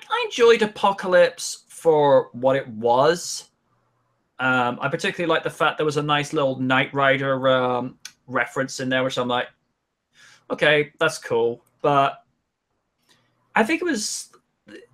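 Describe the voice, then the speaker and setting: A man hosting a live-stream chat, musing slowly with many fillers. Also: a little high, animated, a bit bright. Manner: slow, musing, trails off with fillers. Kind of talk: casual chat.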